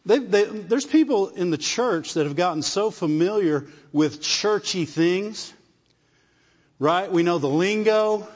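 A man delivers an animated sermon, taking it slowly in a fairly high voice while checking in with listeners and repeating phrases as his point builds. The sound is dull and muffled, with long reverb from a large hall.

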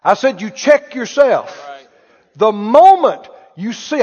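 Speaking unhurriedly, this pastor has a high, very animated voice that's a little mellow with a breathy edge. He preaches with emphasis to a live church audience, repeating key lines and checking if they hear him, all in a dull, lo-fi, echoey recording.

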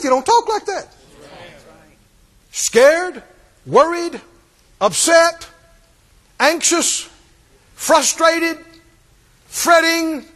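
A man's voice: very high voice, fairly bright tone, in a large hall. A man preaching a rousing, emphatic sermon and calling out to his congregation.

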